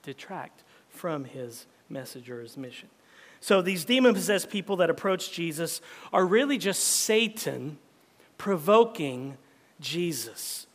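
High-voiced male preacher, reverberant hall. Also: fairly bright tone. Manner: conversational preaching with modern comparisons and rhetorical questions. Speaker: pastor. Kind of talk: sermon. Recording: long reverb of a large hall.

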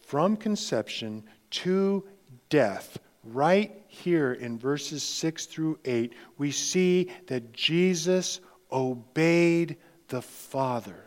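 A man preaching a sermon with slow, emphatic delivery, dropping into hushed tones for emphasis. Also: fairly high pitch, expressive. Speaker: pastor.

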